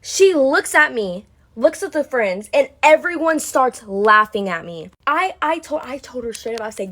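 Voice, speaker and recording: A woman's voice: sits high, animated, normal speed, a bit bright, slight background noise. A woman telling a personal story in a casual vlog, chatty and blunt, with a sassy edge and lots of "like.". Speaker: vlogger.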